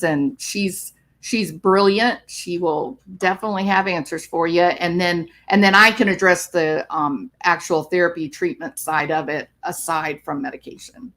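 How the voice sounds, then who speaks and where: A woman's voice: lowish voice, steady tone, unhurried, a bit bright. A woman psychologist talking on a live stream, explaining clinical topics and answering viewer comments.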